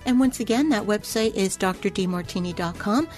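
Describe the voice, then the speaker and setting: A woman's voice: mid-range voice, brisk, darkish tone, faint music behind. A woman hosting a radio interview show, speaking in a polished, scripted way.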